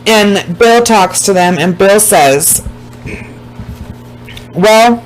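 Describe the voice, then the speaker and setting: A woman telling a story in a loose, casual vlog style, with a mid-range voice. She talks bluntly and drops swear words as she goes. She often drags her words out slowly to drive a point home. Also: medium pitch, faint music behind, rough recording. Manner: emphatic, swears freely, slows down to stress points. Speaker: YouTuber recapping a documentary.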